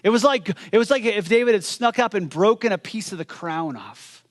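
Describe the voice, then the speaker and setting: A man preaching a sermon as pastor, retelling a story with animated energy, restarting phrases and dropping low and quiet for solemn moments. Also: fairly quick.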